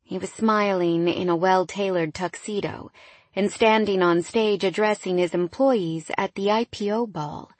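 A woman narrating a first-person romance audiobook in an intimate, wistful way that often drops quiet. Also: mid-range voice, measured pace, no echo.

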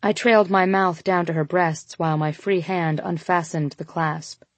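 A woman reading a first-person story aloud in a steady, intimate narration. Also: on the low side, normal speed, dry recording. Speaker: audiobook narrator.

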